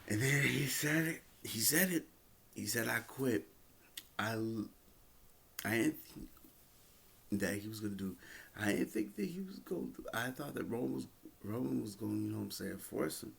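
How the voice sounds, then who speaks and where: Man, wrestling review vlog, rambling, husky, gravelly. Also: medium pitch, expressive, moderate pace, pauses often. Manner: rambling, many fillers and restarts.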